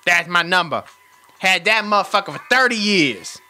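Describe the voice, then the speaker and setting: A man voicing a hot-tempered, profane, streetwise caller on a prank phone call, loud and animated, swinging from rage to sweet talk. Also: high voice, normal speed, heavily acted. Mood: boisterous.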